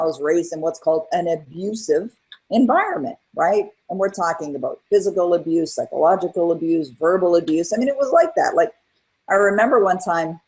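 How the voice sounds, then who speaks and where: Earnest middle-aged woman, husky voice. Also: on the low side, low-quality recording. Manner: earnest, animated retelling with acted-out quotes. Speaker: guest, author and coach. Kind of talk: candid interview storytelling.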